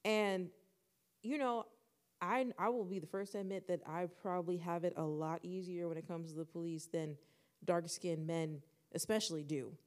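Lively young woman telling a story. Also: on the low side, normal speed. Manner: animated, acts out quoted dialogue. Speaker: podcast co-host. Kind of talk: casual storytelling chat.

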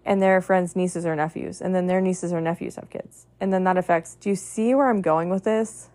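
Her voice is lowish and darkish, steady in tone and normal in speed. As a podcast host, she gives a sincere motivational talk from the heart, piling up long lists and leaning on "like" as a filler.

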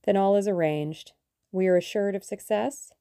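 A woman reading an audiobook, voicing a soft-spoken, sinister male conspiracy leader with sibilant speech. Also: medium pitch, normal speed, clear, resonant tone, dry recording, studio quality, lightly acted. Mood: cold. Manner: quiet, menacing.

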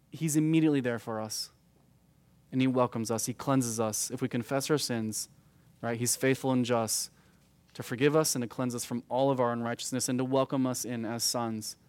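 A man's voice: mid-range voice, a little mellow, smooth, no echo. A man in his thirties teaching a youth group verse by verse through a Bible passage, conversational and peppered with "right?" asides. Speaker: youth pastor.

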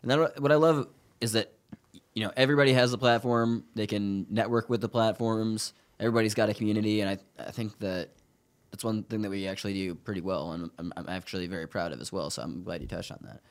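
A man's voice: on the low side, steady tone, quick pace. A man co-hosting a podcast, teasing the others in casual chat. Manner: wry teasing. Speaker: podcast co-host.

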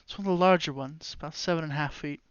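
Halting, smooth-voiced game master. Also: mid-range voice, muffled recording. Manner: halting, full of restarts and fillers. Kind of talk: narrating a tabletop game.

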